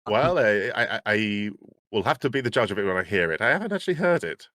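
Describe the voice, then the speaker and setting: Man as a player in a tabletop game, low, lively voice, dry close sound. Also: quick pace, no echo. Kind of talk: casual tabletop play.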